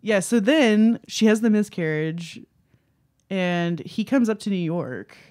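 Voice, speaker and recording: A young woman co-hosting a casual podcast, animated and laughing often as she acts out quotes in exaggerated voices. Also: medium pitch, takes it slowly. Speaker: podcast co-host. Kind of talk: casual chat reviewing a book.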